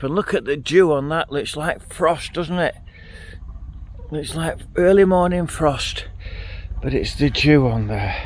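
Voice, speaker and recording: A middle-aged man chats bluntly to his camera outdoors beside a field. His voice sits at an ordinary middle pitch, and his talk comes in a casual, restarting flow. The sound is captured on a handheld phone. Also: a little hiss or hum. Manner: chatty, blunt storyteller with frequent restarts. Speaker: vlogger.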